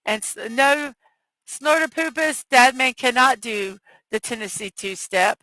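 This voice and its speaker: A woman hosting a morning livestream in casual chat, her voice scratchy and hoarse, reading viewer messages aloud through a headphone mic. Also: high voice, expressive, a little slow, sharp tone, no room sound. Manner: reads viewer chat aloud, chatty and apologetic. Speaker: morning show host.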